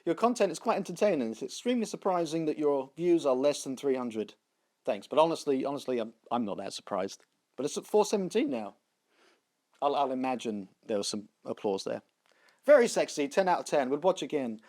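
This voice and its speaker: A man's voice: medium pitch, very animated, a little fast, a little mellow, dry recording, clean studio sound. A man hosting a comedy tech news show, delivering sarcastic, self-deprecating jokes. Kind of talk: comic tech news monologue.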